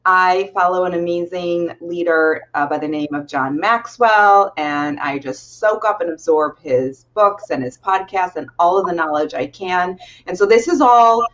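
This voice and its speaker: A woman's voice: fairly low pitch, measured pace, few pauses, a bit bright, muffled recording. Bubbly woman co-hosting a live chat. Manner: bubbly, laughs often, chatty. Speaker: co-host.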